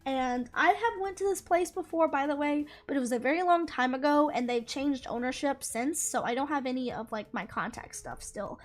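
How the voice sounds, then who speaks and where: A young woman casually telling a story from her life, animated, laughing often and swearing freely. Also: high voice, moderate pace, few pauses. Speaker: gaming channel creator.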